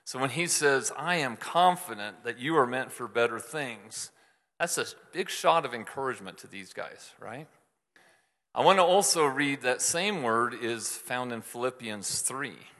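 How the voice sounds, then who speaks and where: A male pastor delivers an informal, chatty sermon, often restarting his sentences and turning aside to talk to his listeners. His voice is bright and forward. It rings out with a long reverb through a large church hall. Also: medium pitch, lively intonation, a little slow. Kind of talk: conversational sermon.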